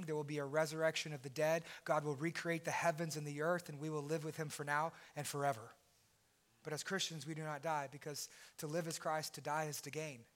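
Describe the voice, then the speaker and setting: A man preaching a sermon as pastor, impassioned and at times shouting. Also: a little high.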